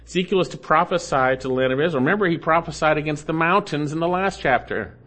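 A man with a fairly high voice preaches an expository sermon. He works through the text line by line, pauses to explain Hebrew grammar, and drives his points home by repeating short phrases with growing force. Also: a bit bright. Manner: emphatic, repeats key phrases with rising force. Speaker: pastor.

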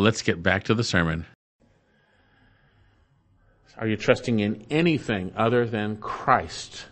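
A man preaching a sermon as pastor, reading scripture aloud and explaining it verse by verse, his pitch rising sharply on the points he stresses.

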